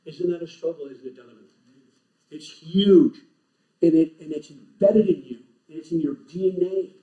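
Male conference speaker, emphatic and preacherly, mellow voice, recorded from afar in a roomy hall. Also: a little high, moderate pace. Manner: emphatic, preacherly, punchy short phrases. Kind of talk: animated lecture to a live audience. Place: large lecture hall. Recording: echoey hall, distant, dull lo-fi.

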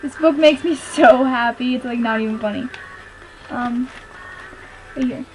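A woman's voice: sits high, a little slow, faint music behind, low-quality recording. A young woman chatting casually in a video diary, bouncy and self-conscious. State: out of breath. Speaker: vlogger.

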